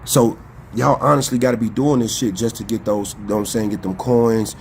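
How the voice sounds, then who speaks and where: A man's voice: fairly low pitch, steady tone, brisk, a little mellow, slight background noise. A man co-hosting a podcast, ranting in a profane, confrontational, emphatic way. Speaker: podcast co-host. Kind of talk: heated casual commentary.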